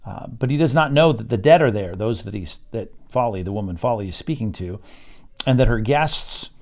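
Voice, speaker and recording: A man teaching an evening Bible study as its pastor, reading verses aloud and explaining them while thinking aloud, with many pauses and repeated words. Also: fairly low pitch, animated, darkish tone. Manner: reads scripture aloud then explains it.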